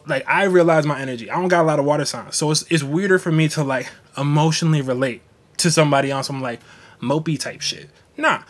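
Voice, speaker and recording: A young man talks to his livestream viewers in a blunt, slangy way, cursing freely. His voice sits a bit high for a man. He switches into mocking voices when he quotes people. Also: fairly bright tone. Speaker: astrology livestream host. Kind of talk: casual livestream talk.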